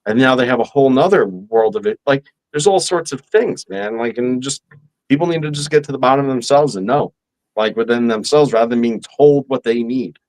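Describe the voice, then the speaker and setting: A man hosting a casual talk show, speaking in a rambling, halting way with many restarts. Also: medium pitch, a little mellow, rough recording. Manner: rambling, halting, restarts and "you know" fillers. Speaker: host.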